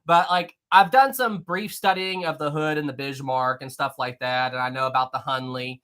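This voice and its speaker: A man's voice: medium pitch, bright, forceful tone. A man with a Southern US accent who hosts a history livestream, chatting casually and laughing as he answers viewer comments. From West Virginia. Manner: jokey, chatty, quick to laugh. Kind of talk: casual live-stream chat reading viewer comments.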